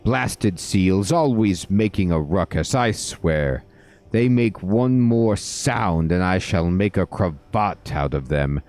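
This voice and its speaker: Man doing a grumpy walrus, old, pompous, low, slow. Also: animated, a little mellow, faint music behind, full character voice. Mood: grumbling. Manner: pompous, grumbling.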